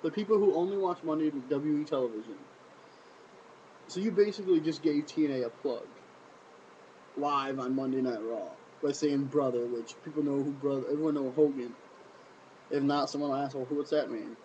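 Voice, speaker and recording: A man giving a casual solo wrestling review, animated and repetitive, full of sarcastic rhetorical questions. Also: fairly high pitch, fairly quick, dull audio, slight background noise.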